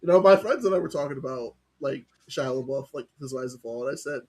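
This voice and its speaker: A young man in casual movie chat on a livestream, an animated storyteller who laughs often. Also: mid-range voice, quick pace. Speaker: co-host.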